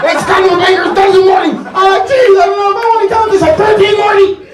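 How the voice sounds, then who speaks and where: A man voicing a nervous, squeaky cartoon teenage boy who stammers and shouts. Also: quick pace, recorded from a distance. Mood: frantic. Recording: echoey club with loud crowd laughter.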